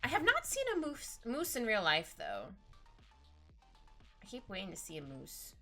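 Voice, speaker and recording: A woman's voice: mid-range voice, moderate pace, soft background music. Bubbly, gushing woman streamer. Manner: rambling, giggly, gushing and excitable. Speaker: streaming artist. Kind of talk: casual chat while drawing on stream.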